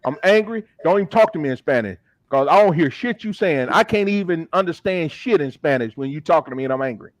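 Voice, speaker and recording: A man's voice: a little high, lively intonation, quick pace, hardly any pauses, dry recording. A man chatting as a guest on a live podcast, joking and swearing, slipping into fluent Spanish. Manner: laughing, profane banter. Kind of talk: casual chat.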